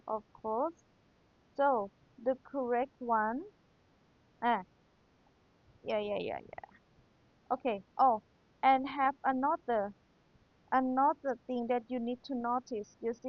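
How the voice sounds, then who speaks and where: Slow, patient young woman teacher whose first language is Thai, reviewing for an exam on a tinny, phone-like recording. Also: fairly high pitch, steady tone, dry recording. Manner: patient, repeats key points, checks with rhetorical questions. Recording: tinny phone-like sound, dry.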